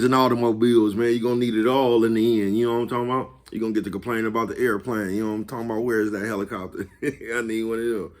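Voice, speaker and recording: A man hosting his own vlog, talking casually and profanely, chuckling often and repeatedly asking whether you follow him. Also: on the low side. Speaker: vlog host. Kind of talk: casual motivational monologue.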